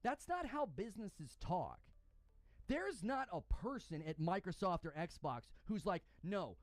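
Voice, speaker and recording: A man rants with indignant fury, his high voice leaping up and down as he hammers each point. He sounds like a gaming commentator letting his anger run. The sound is close and dry. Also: big pitch swings, measured pace, no echo. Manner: angry, indignant, emphatic. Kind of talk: heated opinion rant.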